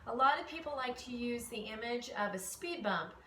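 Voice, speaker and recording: A woman voice teacher explaining singing exercises in a relaxed way, with fillers. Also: on the high side, moderate pace, slight background noise. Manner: relaxed explaining with fillers, demonstrates vocal slides. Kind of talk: instructional lesson. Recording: echoey room, mic at a distance.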